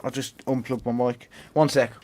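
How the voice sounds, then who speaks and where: Black Country man, casual live-stream host, mid-pitched, laughs a lot, chats with viewers. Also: level tone, moderate pace, very noisy. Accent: Black Country English. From England. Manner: chatty, laughs often, talks to chat by name. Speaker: livestream host. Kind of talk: casual live-stream chat while repairing.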